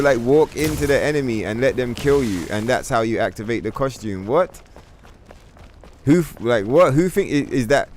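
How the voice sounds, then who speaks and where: A man's voice: mid-range voice, slight background noise. Exasperated ranting male game streamer. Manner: profane, exasperated ranting with mocking put-on voices. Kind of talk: casual gaming stream rant.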